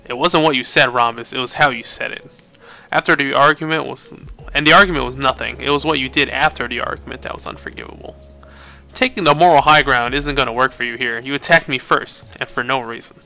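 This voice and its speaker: A man voicing a hot-tempered young woman hacker in a video game, reading her lines sharp and indignant. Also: mid-range voice, a little fast, gravelly. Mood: resentful.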